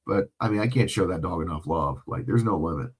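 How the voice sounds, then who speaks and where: A man's voice: sits low, animated, fairly quick, breathy edge. A young man streaming a live watch-along, calling plays from home with emotional, profane outbursts and chatting with viewers. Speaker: livestream watch-along host. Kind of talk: excited live play-by-play commentary with chat. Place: home room.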